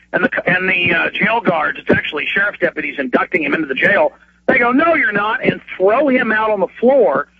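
A male radio host calls in and rants, his voice high and husky. He tumbles over his words, repeating himself and flaring into outrage. The phone line leaves the sound dull and thin. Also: no echo. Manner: fast, repetitive, stammering restarts, rising to bursts of outrage. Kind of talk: heated talk radio rant.

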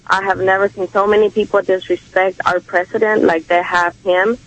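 A woman calling in to a radio show, speaking haltingly with repeated fillers and restarts. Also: mid-range voice, flat delivery, dull audio. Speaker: caller. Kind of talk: call-in radio talk.

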